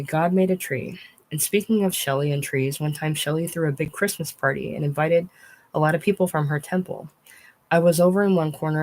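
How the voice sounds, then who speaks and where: A woman's voice: low voice, a little mellow, low-quality recording. A woman reading a memoir written as a dialogue aloud, telling stories in a conversational way and speaking the quoted lines. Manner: conversational storytelling, quoting others aloud. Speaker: audiobook reader.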